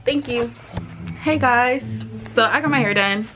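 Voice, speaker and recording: A woman casually talking to viewers at home in a family vlog, relaxed and easygoing. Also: a little high, unhurried, over music, poor audio.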